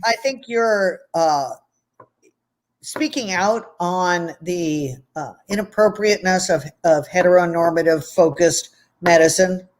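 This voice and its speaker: A woman's voice: on the low side, a little slow, a little mellow. A woman speaking as a guest in a casual video call interview, effusive and playful in her praise.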